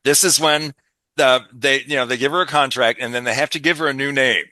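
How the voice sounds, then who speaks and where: A man's voice: medium pitch, brisk, dry recording. An older man hosting a podcast, casually retelling a film's plot and acting out the characters' lines. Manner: animated storyteller, acts out lines. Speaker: podcast host.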